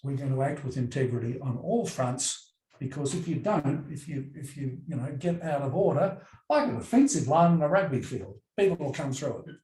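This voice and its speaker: A wry Australian man moderates a live panel in an easy, conversational way. His voice is mellow and dark in tone, and it echoes around a roomy event space. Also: mid-range voice, lively intonation, moderate pace.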